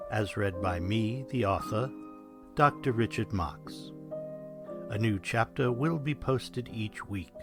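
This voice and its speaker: A man narrating his own crime novel in the first person, measured and wry, in a recording studio. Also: fairly low pitch.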